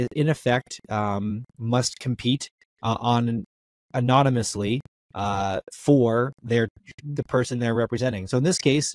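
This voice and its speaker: A man's voice: medium pitch, darkish tone, dry recording, lightly acted. A man voicing a polite, apologetic royal advisor who explains things courteously and with some hesitation.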